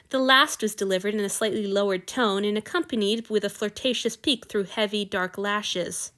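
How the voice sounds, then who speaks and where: Bright-voiced woman narrating an audiobook. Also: medium pitch, moderate pace, hardly any pauses. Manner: expressive storytelling. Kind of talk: audiobook fan fiction reading.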